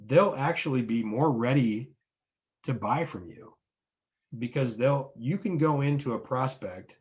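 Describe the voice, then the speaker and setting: A man's voice: mid-range voice, animated, a little slow. Man coaching business owners on sales. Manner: coaching, often ends points with "right?"; explains with numbered steps and analogies. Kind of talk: instructional talk to business owners.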